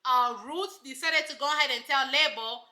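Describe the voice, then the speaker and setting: Woman, reality show reviewer, emphatic and sassy, very bright tone, high voice. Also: moderate pace, reverberant. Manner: sassy, emphatic, rhetorical asides. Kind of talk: casual commentary.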